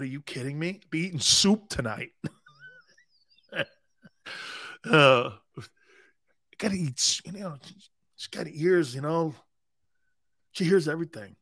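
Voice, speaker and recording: A man's voice: fairly high pitch, expressive, slow, pauses often, a bit bright. Joking, rambling sports talk host, man. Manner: joking, laughs often, rambling asides. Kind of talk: casual sports radio banter.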